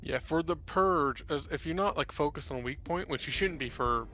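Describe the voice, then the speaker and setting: Halting man over voice chat. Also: fairly high pitch, pushed and bright, muffled recording, soft background music. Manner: halting, thinks aloud about builds. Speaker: co-player. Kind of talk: casual gameplay chat. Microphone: online voice chat.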